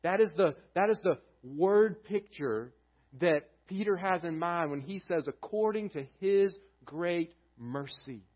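A pastor preaching a sermon, emphatic and rising loud, then dropping to a hush, in a church. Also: male voice, on the high side, lo-fi sound. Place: church sanctuary.

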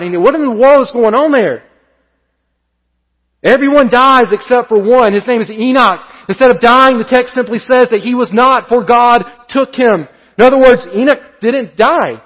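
High-voiced pastor preaching in a hall. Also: male voice, moderate pace. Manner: earnest preaching with repetition and rising emphasis. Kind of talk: sermon. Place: church sanctuary. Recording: dull sound with long hall reverb.

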